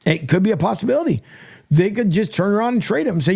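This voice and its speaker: A man's voice: high voice, sing-song, fast, creaky, darkish tone, husky. A man hosting sports radio in a casual, rambling monologue from a studio mic, stumbling and restarting often. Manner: rambling, stammers and restarts, chatty.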